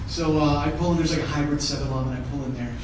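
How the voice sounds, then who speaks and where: A man performs intense, profane storytelling on a theatre stage, his voice a little high for a man. The mic is set far back, so he sounds distant in a very roomy hall with clear background noise. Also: steady tone, very fast. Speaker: comedian. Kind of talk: one-man show storytelling.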